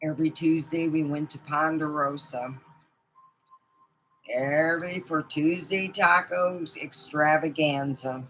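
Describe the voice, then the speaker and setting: A woman's voice: sits low, fairly even intonation, slow, fairly bright tone, a little hiss or hum, poor audio. A middle-aged woman telling rambling personal stories in a casual vlog, laughing often as she goes. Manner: rambling, chatty, laughs often mid-story. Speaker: vlogger.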